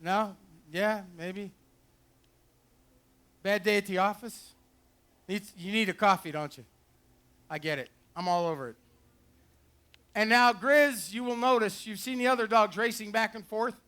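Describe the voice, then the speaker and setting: Bright-voiced man hosting a dog show. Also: high-pitched, moderate pace, pauses often. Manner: joking, folksy. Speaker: dog trainer and show host. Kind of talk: live demonstration commentary. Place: outdoor fair pond with dock. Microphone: handheld or headset mic.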